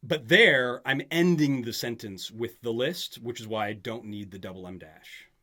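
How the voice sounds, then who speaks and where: This is a casual tutoring session in which a man explains grammar to a student, regularly asking whether she follows. His voice is mid-range and sharp in tone, his speed normal, and his manner patient.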